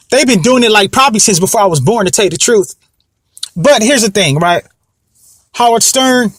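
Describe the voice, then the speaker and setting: The young host's voice sits high, captured cleanly in a studio with no room sound. On his casual commentary podcast he rambles, repeats points, and frequently checks whether listeners know what he means.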